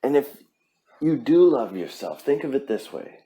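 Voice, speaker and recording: A man's voice: mid-range voice, big pitch swings, normal speed, mellow. A man hosting a podcast, giving a blunt, profane pep talk in a casual monologue. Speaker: podcast host.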